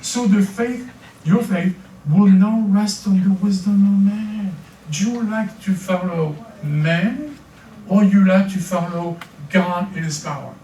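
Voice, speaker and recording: A man's voice: high voice, slow pace, mellow, slight background noise. An older man with a French accent, preaching a sermon as pastor, often stammering and repeating words as he restarts. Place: church hall. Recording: echoey church from far off.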